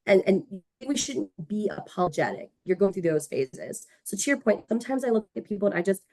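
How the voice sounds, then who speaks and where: A woman's voice: mid-range voice, brisk, no room sound. A woman on a panel, chatting expressively and acting out quotes in her stories. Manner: expressive, acts out quotes, drops to a whisper at times. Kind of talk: casual panel chat. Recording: dry close sound.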